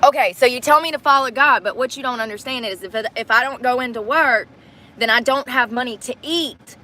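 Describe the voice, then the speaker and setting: A woman's voice: high-pitched, brisk, sharp tone, slight background noise. A woman chatting casually on a phone livestream, blunt and profane as she vents to her viewers.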